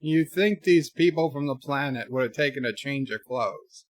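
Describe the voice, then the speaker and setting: A man's voice: mid-range voice, moderate pace, no room sound. Guy streaming a movie, reading chat, sarcastic little jokes, dead dry close mic. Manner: wry, sarcastic asides with fillers. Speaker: streamer watching a film with chat. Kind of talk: casual live commentary, reading chat.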